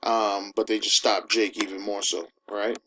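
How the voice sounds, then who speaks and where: In a very noisy recording, a man with a lowish, steady voice preaches informally. Emphatic yet conversational, he keeps asking his audience "all right?" and slows his pace when reading scripture.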